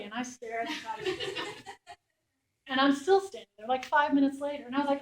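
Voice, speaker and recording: A middle-aged woman with a fairly high voice tells war stories in a roomy, echoing lecture space. She acts out the soldiers she quotes with lively changes in her voice. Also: a little fast. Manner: animated anecdote-telling, acts out quoted soldiers. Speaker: embedded war reporter speaking to a class. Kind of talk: storytelling talk. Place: lecture room. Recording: echoey room.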